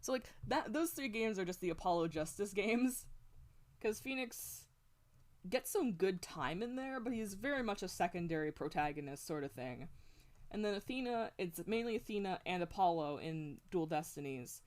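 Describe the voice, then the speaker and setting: A woman streamer with a mid-range, expressive voice chats casually at a moderate pace while drawing, close to a desk mic at home. She rambles, swears a lot and laughs often.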